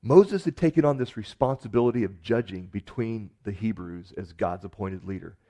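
A man preaching a sermon in an earnest manner, building to emphatic rises and sinking to soft, quiet endings. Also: fairly low pitch, normal speed. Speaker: pastor.

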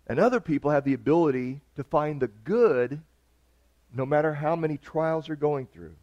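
A man's voice: on the high side, normal speed. A man pastor preaching an earnest, conversational sermon. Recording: dull lo-fi recording.

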